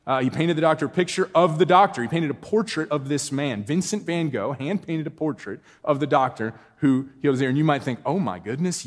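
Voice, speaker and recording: A man preaching from a church stage with a fairly high voice. He tells a story at an easy pace, then climbs to emphatic, insistent points. His voice rings out with a long hall reverb behind it. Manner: storytelling, rising to emphatic exclamations. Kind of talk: sermon. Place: church sanctuary.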